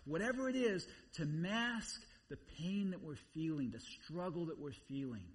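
A man preaching in a loose, conversational way, driving his points home by repeating phrases. His voice sits a little high for a man. The sound rings with a long reverb, as if in a large hall. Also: lively intonation, moderate pace. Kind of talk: sermon. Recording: long reverb, voice somewhat far from mic.

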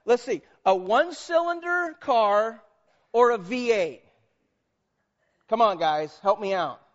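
A man preaching a sermon as pastor, animated and conversational, drawing the congregation in with questions. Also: high voice, slow, muffled recording. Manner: animated, conversational, quizzes audience.

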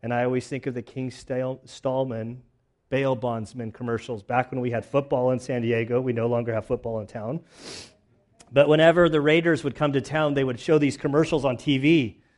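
A man's voice: medium pitch, steady tone, normal speed, a little mellow. A man preaching an expository sermon in a conversational way, reading scripture and retelling the story with dramatized voices. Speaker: pastor.

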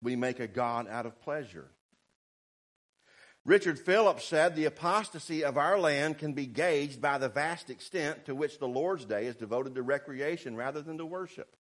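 A man preaching a sermon, fervent and swinging between shouted warnings and quiet asides. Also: fairly high pitch, animated, normal speed. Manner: fervent, rising to shouts, then quiet and sarcastic.

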